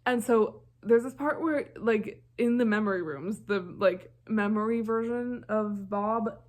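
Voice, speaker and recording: A woman's voice: medium pitch, measured pace, a little mellow. A young woman casually recapping a film's plot in a rambling, enthusiastic way, full of fillers. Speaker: film reviewer.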